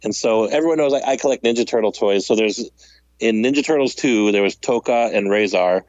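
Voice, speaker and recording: A man's voice: fairly low pitch, a little fast, dry recording, lo-fi sound. A man telling a long story in casual chat, laughing often and acting out the people he quotes. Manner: animated, laughs while telling stories, acts out quotes.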